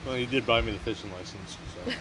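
A man's voice: medium pitch, fast, sharp tone. A man in his thirties chatting casually and joking with his wife. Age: 30s. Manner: joking, laid-back banter. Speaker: vlogger, retired husband. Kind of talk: casual outdoor chat. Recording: noisy outdoor recording, traffic nearby.

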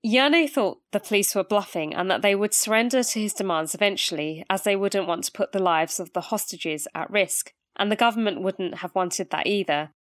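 A woman's voice: medium pitch, dry recording, clean studio sound. A woman co-hosting a true crime podcast, reading out the case steadily and breaking into chatty, laughing asides with her co-host.

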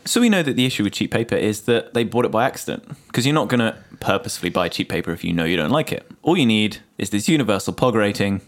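A man's voice: fairly low pitch, animated, fast talker, hardly any pauses. A man co-hosting a comedy podcast, riffing on silly ideas. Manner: riffing, builds on jokes. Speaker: podcast co-host. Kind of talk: casual comedy chat.

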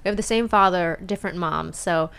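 A woman co-hosting a podcast in casual chat, chatty and quick to laugh. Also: lowish voice, gravelly, a bit bright, clean tone. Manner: chatty, laughs easily, frequent "like" fillers. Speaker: podcast co-host.

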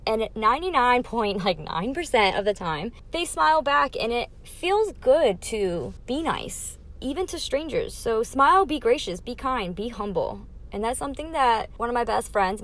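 A young adult woman hosting her own podcast, talking candidly through a numbered list of life lessons in a casual, emphatic way. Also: medium pitch. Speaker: podcast host.

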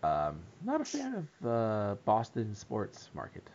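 A man co-hosting a casual podcast chat, animated, laughing and swearing freely. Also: fairly low pitch, takes it slowly, lo-fi sound, very noisy. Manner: animated, profane, laughs often. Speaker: podcast co-host.

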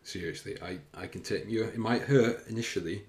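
A male fitness coach hosts his own podcast, filming himself indoors as he rambles casually and self-consciously, full of fillers and the odd swear word. His voice is on the low side with a darkish tone, and he speaks briskly. The recording has a roomy echo.

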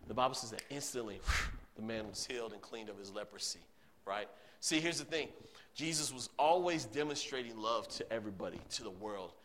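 Casting: man in his thirties, youth pastor at the pulpit, earnest storyteller, loud then hushed. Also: on the low side, expressive, brisk, slight background noise. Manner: earnest storytelling, swinging between loud emphasis and hushed tones. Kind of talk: sermon.

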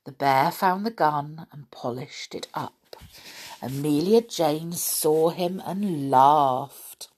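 A woman's voice: low voice, takes it slowly, a little mellow, slightly rough. A woman reading a children's story aloud expressively, with amused asides.

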